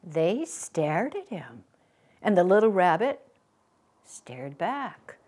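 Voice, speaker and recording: A woman reading a children's story aloud at a public library, with an expressive, lingering storyteller's delivery. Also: fairly low pitch, takes it slowly. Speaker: guest reader.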